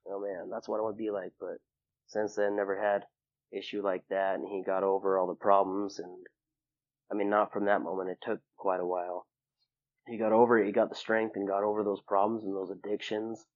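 A young man talks through a personal memory in a loose, rambling way, filling gaps with casual fillers. His voice sits a little low and the sound is dry and close. The recording is somewhat dull and muffled. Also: flat delivery, moderate pace, no echo. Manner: rambling, filler-heavy, acts out quoted people in a raised voice. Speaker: interview guest. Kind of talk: personal storytelling in casual conversation.

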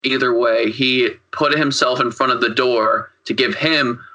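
A man's voice: medium pitch, steady tone, a little slow, pushed and bright, lo-fi sound. A man co-hosting a podcast, recapping a film in casual chat, rambling, profane and full of fillers. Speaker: podcast co-host.

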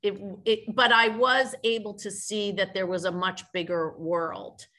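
A woman whose family is from France is interviewed on a podcast as a business leader, speaking earnestly and reflectively and often restarting her sentences. The talk is casual. Her voice is medium-pitched, level, pushed and bright, and she doesn't hurry.

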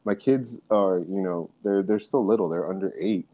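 A man's voice: sits low, normal speed, muffled recording. A man in his thirties chatting casually as a podcast guest, joking and laughing a lot. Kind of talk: casual chat.

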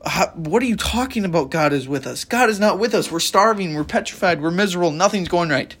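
A man's voice: sits high, lively intonation, fast talker, a bit bright, slightly rough, full character voice. A man voicing a frightened, starving man in exasperated protest. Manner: indignant, rising questions.

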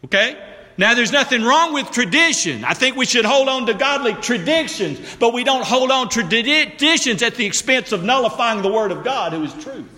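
Very animated, a high, bright-voiced pastor preaches his sermon without hurrying. He leans hard on emphasis, sinks into a low hush, and turns to address the congregation directly, all under a long reverb like a church hall.

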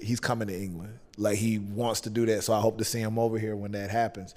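A man's voice: fairly low pitch, quick pace, hardly any pauses, slight background noise. Rambling Southern man in a reverberant hall. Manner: relaxed, rambling with many fillers and restarts. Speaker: podcast guest. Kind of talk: casual chat.

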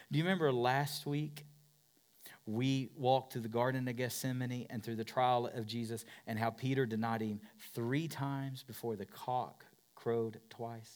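With a mid-range voice, this man preaches as a pastor. He leans on repeated phrases for emphasis, and his volume ranges from loud shouting down to quiet whispers.

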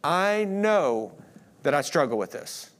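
A man preaching a sermon, earnest, swinging between emphatic declarations and hushed moments. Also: a little high, very animated, takes it slowly. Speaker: pastor.

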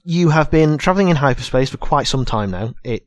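An English man narrating a tabletop game as game master, with a halting, stammering delivery. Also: mid-range voice, animated, no room sound.

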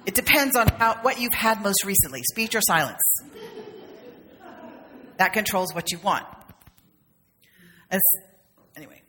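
A woman's voice: mid-range voice, lively intonation, unhurried, long pauses, sharp tone. A woman minister giving a conversational, humorous sermon, with playful acted asides. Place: church sanctuary. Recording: long reverb of a sanctuary.

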